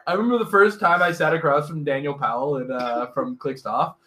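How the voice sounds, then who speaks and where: Animated Canadian man, joking rants. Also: on the high side, brisk. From Northern Ontario, Canada. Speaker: podcast co-host. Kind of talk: casual chat.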